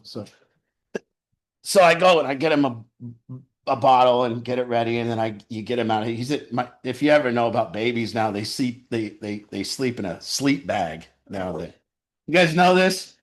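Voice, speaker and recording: A man's voice: on the low side, brisk. Rambling man telling a story. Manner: rambling, with frequent restarts and laughs. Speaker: storyteller sharing a personal account. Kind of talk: casual spoken storytelling.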